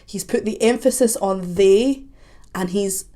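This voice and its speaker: A woman's voice: mid-range voice, dark tone. Chatty woman vocal coach reacting. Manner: analytical, breaks off to sing snippets; chatty, quick asides. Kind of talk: reaction video commentary.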